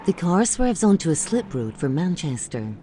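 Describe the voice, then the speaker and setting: A woman narrating audio description of a film in a steady, clear manner. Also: lowish voice, normal speed, background noise. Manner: steady, clear, scene-setting.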